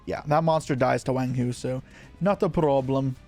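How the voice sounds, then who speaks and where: A man giving live commentary on his card game, thinking aloud in quick, muttered asides as he plays. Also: medium pitch, steady tone, a little mellow, soft background music.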